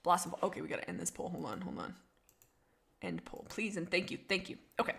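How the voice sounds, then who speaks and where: A young woman in casual livestream chat, thinking out loud and answering her chat. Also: on the low side, very animated, fast, vocal fry. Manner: chatty, reads chat messages aloud, thinks out loud. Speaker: streamer.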